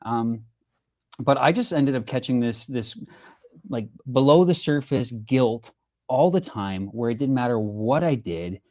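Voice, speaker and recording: A man's voice: medium pitch, expressive, a little slow, darkish tone, lo-fi sound. A man, a singer-songwriter guest in a casual interview, telling his story earnestly with lots of fillers and restarts.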